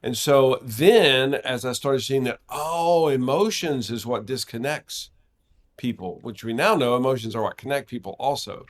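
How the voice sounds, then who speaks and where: A man talks through his research as a podcast guest, patient and explanatory. His voice sits in a middle register, and he fills short pauses with "uh" as he builds each point. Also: medium pitch. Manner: measured, explanatory, with filler "uh"s.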